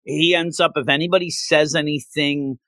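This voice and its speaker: Man, casual co-host, slightly high and very expressive, dry close sound. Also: moderate pace, dry recording. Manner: animated, acts out characters' lines in jokey voices. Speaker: show recap co-host. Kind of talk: casual recap chat.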